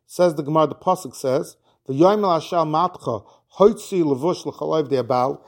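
Man explaining a Talmud lesson. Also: on the high side. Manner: reads Aramaic phrases then explains them, with restarts. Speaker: Talmud teacher. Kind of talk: Talmud lesson, translating Aramaic into English.

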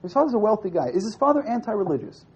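A man's voice: high-pitched, rapid-fire, breathy edge. Probing male teacher, dull classroom recording. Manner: reads a source aloud and translates it line by line; questions the class, lively and probing. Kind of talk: classroom text study lesson.

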